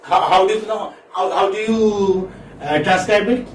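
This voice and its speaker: A man's voice: sits high, steady tone, a little slow. A man teaching English phonetics in a classroom lecture, saying words again and again and quizzing his students. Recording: echoey classroom, distant mic, faint noise.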